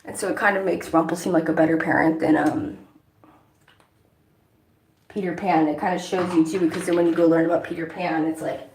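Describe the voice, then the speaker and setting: Woman vlogger with a low, gravelly voice who rambles and swears a lot while doing makeup, recorded in an echoey room. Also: fairly even intonation, brisk, pauses often, darkish tone, slight background noise. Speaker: vlogger, songwriter.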